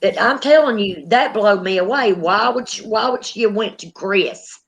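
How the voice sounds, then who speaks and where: A woman's voice: mid-range voice, moderate pace, low-quality recording. A woman hosting a casual paranormal chat, animatedly retelling a story and acting out the quotes. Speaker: paranormal channel host.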